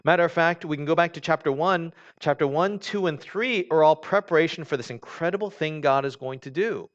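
A pastor with a fairly high voice talks a little fast as he preaches in a conversational manner. Scripture is read aloud and explained, marked by frequent fillers and restarts, and the recording sounds dull and lo-fi.

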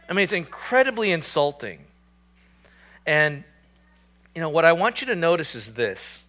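A man preaching a sermon with a bright, forceful tone that sits a little high. He talks conversationally and with emphasis, often restarting and repeating words as he works toward his point. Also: lively intonation, moderate pace. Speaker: pastor.

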